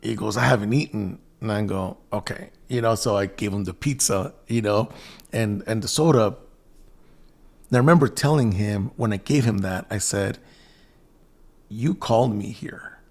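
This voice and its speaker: A man with a fairly low voice tells a personal story in a loose, rambling way. He keeps acting out his own past words and stumbles through restarts as he goes. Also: normal speed, vocal fry, darkish tone. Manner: rambling, self-quoting with restarts. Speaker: host. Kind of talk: casual storytelling.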